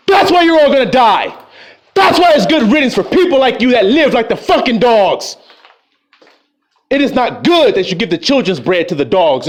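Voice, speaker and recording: A man preaching a profane, confrontational street sermon, scolding his listeners. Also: high-pitched.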